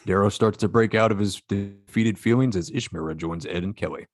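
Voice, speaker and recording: A man reads stage directions aloud in a steady, matter-of-fact tone. His voice is low, and the recording is dry with no room sound. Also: a little fast, few pauses, dry recording. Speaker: narrator. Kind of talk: reading a fan script aloud.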